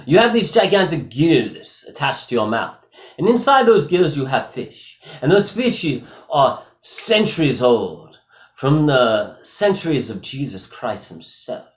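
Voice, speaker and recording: A man's voice: medium pitch, very animated, pitched above the performer's own voice. A man doing a grandiose Viking god. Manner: slow, declaiming, demanding. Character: grand self-proclaimed Viking god, adult male. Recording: echoey room.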